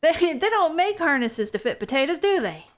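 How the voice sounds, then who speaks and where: A chatty, upbeat young hiker who hunts cryptids, played by a woman. She sounds friendly and reassuring, with a bright, fairly high voice. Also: lively intonation, moderate pace, lightly acted. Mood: fond.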